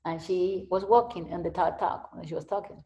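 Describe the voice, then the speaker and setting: A woman's voice: on the low side, steady tone, moderate pace, warm tone, lo-fi sound. A woman giving a casual spiritual talk and answering questions, rambling and repeating herself, often laughing. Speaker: spiritual teacher. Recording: echoey room.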